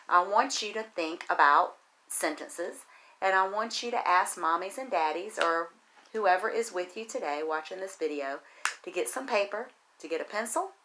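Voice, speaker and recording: Bright, sing-song kindergarten teacher. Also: female voice, fairly low pitch. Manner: sing-song, encouraging, slow drawn-out reading of words. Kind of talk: virtual phonics lesson for young children.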